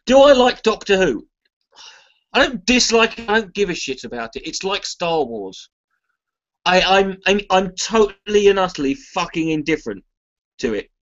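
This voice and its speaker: A man's voice: sits high, very animated, normal speed, fairly bright tone. An Englishman chatting casually to a live stream audience, rambling, restarting his sentences and swearing freely. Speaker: charity livestream contributor. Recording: slightly muffled lo-fi stream audio.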